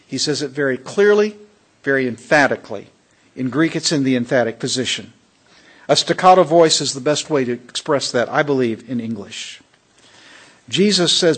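A man preaching a sermon in a fairly high voice. He leans hard on key words and throws questions out to the congregation. His delivery is emphatic and pastoral. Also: lively intonation, moderate pace, a bit bright, husky.

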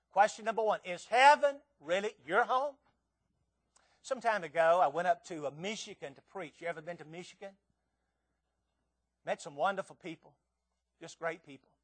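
A man from Tennessee with a Southern accent preaching a sermon, folksy and conversational, asking the congregation direct questions and swinging between hushed intimacy and loud emphasis. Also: high voice. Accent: Southern American. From Tennessee, southern United States.

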